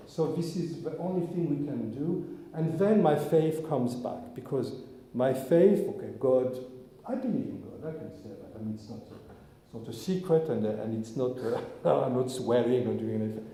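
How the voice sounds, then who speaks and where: Rabbi, male, earnest reflective sermon, mellow dark tone, reverberant hall. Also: medium pitch, expressive, moderate pace. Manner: earnest, searching, with frequent restarts. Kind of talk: informal sermon talk with the congregation. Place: synagogue hall. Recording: echoey hall, long reverb.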